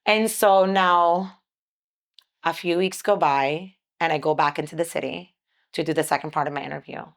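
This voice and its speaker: A woman guest on a podcast, telling a story in a casual, lively way and acting out what people said. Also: sits low, normal speed. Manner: lively, acts out quoted dialogue.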